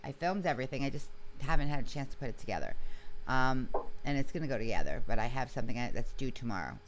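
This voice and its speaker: A woman with a notably low voice talks as a guest in a relaxed interview. She tells her story with animated emphasis, often restarting her sentences as she goes. A faint noise sits behind her voice. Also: fast. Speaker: interview guest, singer and video creator. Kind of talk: casual conversational interview.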